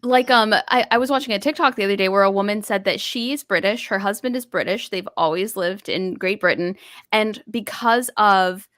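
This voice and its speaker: A woman's voice: medium pitch, moderate pace, dry recording, clean studio sound. A woman from Arkansas in casual group conversation, telling stories and acting out the quotes. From Arkansas, USA. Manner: animated storyteller, acts out quotes.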